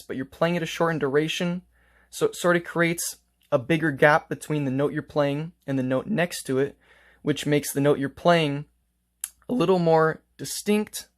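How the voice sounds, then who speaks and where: A man teaching a casual music lesson, explaining note markings step by step and playing examples on his instrument. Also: a little high.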